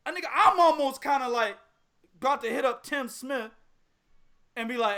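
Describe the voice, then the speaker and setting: A man hosting a podcast in casual chat, animated and laughing often as he trash-talks in a profane way. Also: extremely high pitch, moderate pace. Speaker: podcast host.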